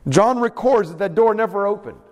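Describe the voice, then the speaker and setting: A man delivers a sermon in a church sanctuary, his voice sitting a bit high for a man. He reads scripture with dramatic, swelling emphasis. The sound rings with a long reverb from the hall. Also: brisk. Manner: dramatic, expressive Bible reading with rising emphasis. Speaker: preacher.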